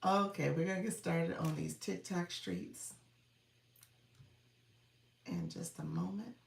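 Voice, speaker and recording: A woman coaching on a livestream chats casually with viewers, greeting them by name and laughing often, her lowish, gravelly voice very animated yet slow. She sounds distant and a bit off mic in an echoey room, with a little hiss or hum.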